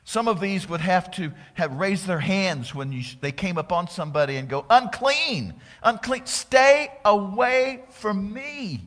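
A man preaching a sermon as pastor, animated, acting out the voices of the people in his story. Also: on the high side, long reverb tail. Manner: animated preaching, acts out voices of crowds and priests.

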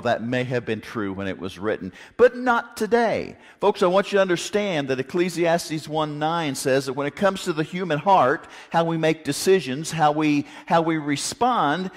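A man preaching a sermon in a folksy, joking, animated way, mixing stories with scripture. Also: a little high. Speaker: pastor. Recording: long hall reverb.

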